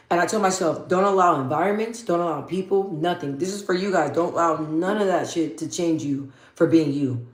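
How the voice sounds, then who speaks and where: A woman vlogger with a deep, bassy voice chatting casually while doing her makeup, blunt and slangy, repeating phrases for emphasis like a motivational talk. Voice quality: deep for her, in her own words. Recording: roomy echo.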